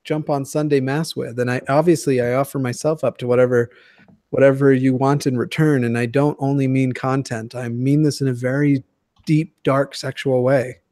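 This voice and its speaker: Recorded in a clean, echo-free studio, this Denver-area guest on a YouTube chat is a man in his twenties who jokes, curses and wanders between topics. He speaks at a normal speed in a medium, slightly mellow voice with fairly even intonation.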